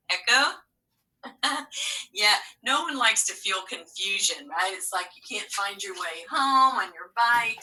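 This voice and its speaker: Bright-voiced teacher, far from the mic. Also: female voice, medium pitch. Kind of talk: remote phonics lesson.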